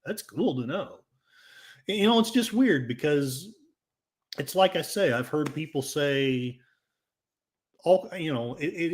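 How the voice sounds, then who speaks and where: A man with an Oklahoma accent hosting a casual livestream, reading chat comments in a rambling, jokey and self-mocking way. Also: fairly high pitch. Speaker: livestream host.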